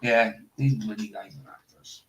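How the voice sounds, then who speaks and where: A man with a Scottish accent chatting casually, loud and blunt, laughing often. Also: on the low side, steady tone, moderate pace, poor audio. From Scotland. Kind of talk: casual chat.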